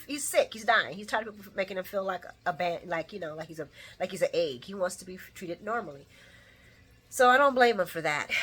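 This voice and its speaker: A woman talks through the latest soap episode in a loose, casual vlog manner. Her voice is bright and clear, and her pitch sits in a middle range. She acts out the characters' lines with lots of energy and laughs easily as she goes. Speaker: soap opera recap vlogger. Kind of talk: casual recap chat.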